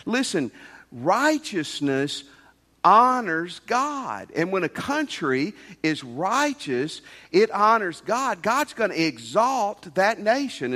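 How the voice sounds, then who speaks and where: A middle-aged pastor preaches with a high voice that swings widely in pitch, hammering his points through repetition. His sermon rings with the long reverb of a large hall. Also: bright, forceful tone. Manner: preaching with emphatic repetition and rising emphasis.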